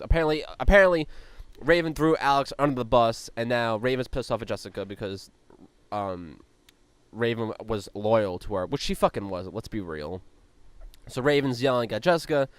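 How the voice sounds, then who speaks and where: A man's voice: mid-range voice, moderate pace, clear, resonant tone, dry recording. Chatty, swearing man recapping a show. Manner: chatty, heavy on "like", frequent swearing. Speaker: podcast host. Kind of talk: casual reality-show recap.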